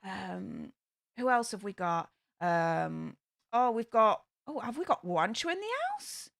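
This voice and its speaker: A woman's voice: medium pitch, expressive, measured pace, vocal fry, fairly bright tone, no echo. A woman hosting a casual livestream from her home studio, chatty and upbeat, with plenty of fillers. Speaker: livestream host. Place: home studio room in a new house.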